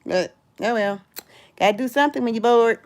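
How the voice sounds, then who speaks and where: Chatty woman hosting a livestream. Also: fairly quick. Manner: chatty, reads out viewers' locations, calls out "in the house"; animated, jumps high in pitch when greeting viewers. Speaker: livestream host. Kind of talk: casual livestream chat.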